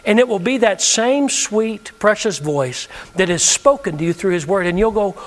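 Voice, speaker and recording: A man's voice: high voice, animated, moderate pace, hardly any pauses. A male pastor preaching a sermon, leading the congregation in call-and-response with emphatic delivery. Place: church sanctuary.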